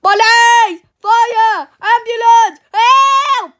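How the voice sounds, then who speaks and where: A woman's voice: very high-pitched, drawn-out words, a bit bright, voice pushed up, heavily acted. A woman reading a storybook aloud, voicing a furious, shrieking male teacher with an Italian accent. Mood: panicked. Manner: shrieking, panicky outbursts.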